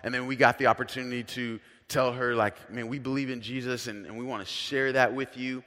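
A male pastor preaching a sermon as a story, conversational and earnest, swinging between soft, hushed lines and loud emphatic ones. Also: medium pitch, little pitch movement, brisk, big-room sound.

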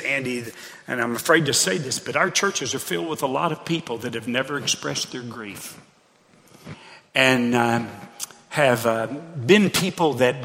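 A pastor with a mid-range, fairly bright voice gives an earnest, conversational sermon, frequently repeating his phrases. The sanctuary setting is reverberant, and there's slight background noise.

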